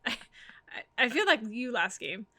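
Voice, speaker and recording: A woman's voice: fairly high pitch, very animated, measured pace, bright, forceful tone, dry recording. A woman co-hosting a casual board game playthrough, playful and teasing as she plays.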